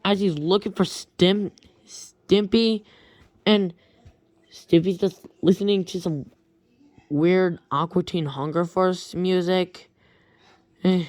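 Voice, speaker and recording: Woman, slow delivery, low-ish voice, hesitant, rambling storyteller. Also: fairly even intonation, darkish tone, dry recording. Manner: hesitant, halting, many restarts. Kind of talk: rambling horror story retelling.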